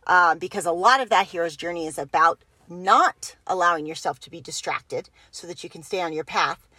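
A woman's voice: fairly low pitch, normal speed, pushed and bright, no room sound. Woman cohost, casual rambly talk, restarts a lot, dry mic. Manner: rambling, restarts and rephrases mid-thought. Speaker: co-host of a personal growth group. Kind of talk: casual podcast chat.

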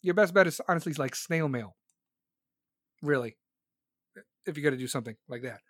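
A man's voice: on the high side, a little fast, a bit bright, dry recording. A man from the United States delivering a heated, profane rant, lecturing and repeating himself.

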